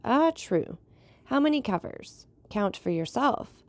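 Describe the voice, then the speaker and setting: A man's voice: very high-pitched, very animated, takes it slowly, darkish tone, no room sound, voice pushed up, full character voice. A woman reading as a composed, mocking male count who hosts a dinner. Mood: calm, probing. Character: mysterious wealthy male count, calm, ironic host.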